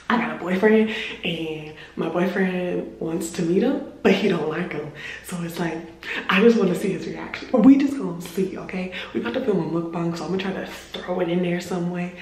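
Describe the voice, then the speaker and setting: A woman's voice: on the low side, a little mellow. Chatty young woman vlogging in a roomy space. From United States. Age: 20s. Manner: chatty, playful, laughs often. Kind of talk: casual vlog chat. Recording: roomy with clear background noise.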